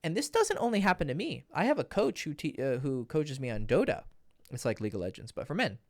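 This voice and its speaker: A man speaking as a dating coach in a loose, storytelling monologue, blunt and swearing freely. His pitch moves a lot and stays lively throughout. The sound is dry and close, with no room around it. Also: quick pace, no echo. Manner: blunt, profane, animated.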